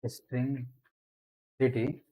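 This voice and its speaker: Man, coding tutorial, slow unhurried delivery, explains each step while typing. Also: medium pitch, flat delivery, dark tone, slightly rough, rough recording. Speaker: programming tutor.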